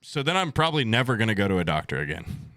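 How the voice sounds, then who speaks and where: A man's voice: fairly low pitch, sing-song, fast talker, pushed and bright, no room sound. A young man in his twenties telling a rambling, crude story to his stream chat at home, swearing bluntly as he goes.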